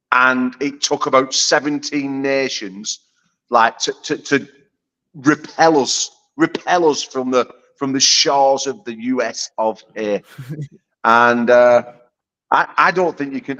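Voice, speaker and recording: A man's voice: mid-range voice, bright, forceful tone, poor audio. A British man trash-talking in a brash, profane, casual chat as a guest on a video call. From United Kingdom. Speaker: arm wrestler guest.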